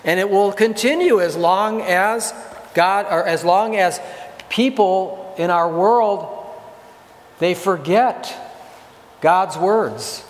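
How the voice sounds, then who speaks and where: A man preaching a sermon in a church, emphatic, slowing down to read scripture and repeating key phrases. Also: high voice. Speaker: pastor. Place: church sanctuary. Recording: church hall reverb.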